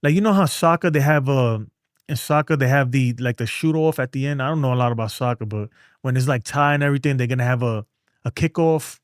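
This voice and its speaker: A man's voice: mid-range voice, fast, no room sound. Male streamer with an everyday mid voice, loose slangy delivery, dry close mic. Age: adult with a son. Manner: casual, rambling, slangy. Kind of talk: casual sports talk.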